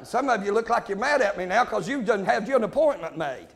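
High-pitched, gravelly preacher man. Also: animated. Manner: shouting, rapid-fire with frequent amens. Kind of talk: fiery Pentecostal-style sermon.

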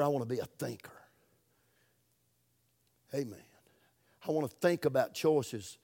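A middle-aged man with a Southern US accent, preaching a folksy, emphatic sermon that swings between loud stresses and soft, drawn-out words. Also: a little high. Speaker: pastor.

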